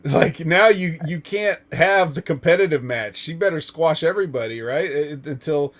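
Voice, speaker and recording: Male podcast host, raised pitch, loose rambling delivery, filler-heavy. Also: lively intonation, moderate pace, fairly bright tone. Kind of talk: casual wrestling chat.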